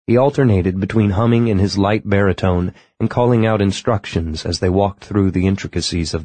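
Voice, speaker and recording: A man reading an audiobook in measured, even scripted narration. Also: low-pitched, no room sound.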